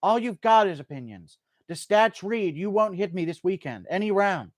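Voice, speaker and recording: A man putting on a cocky male fighter who taunts and needles his opponent. The voice is pitched a bit high and swings widely as it mocks, and the sound is dry and close. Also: animated, moderate pace, dry recording. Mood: boastful. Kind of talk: impression.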